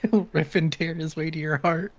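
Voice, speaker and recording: A man's voice: on the high side, fairly even intonation, moderate pace. A man from the American South, chatting and teasing casually on a live stream, laughing often.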